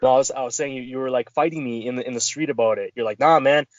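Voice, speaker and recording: A laid-back man chatting on a casual podcast, chiming in with laughs. His voice sits at a middle pitch and sounds dry and close-miked. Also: racing, darkish tone, no room sound. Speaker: podcast co-host. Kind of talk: casual chat.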